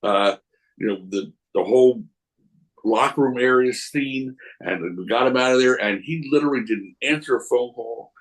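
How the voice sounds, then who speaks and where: Animated man spinning rambling stories. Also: medium pitch, normal speed, low-quality recording. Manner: animated, acts out voices in his anecdotes; rambling, many restarts. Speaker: wrestling promoter guest. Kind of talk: casual storytelling.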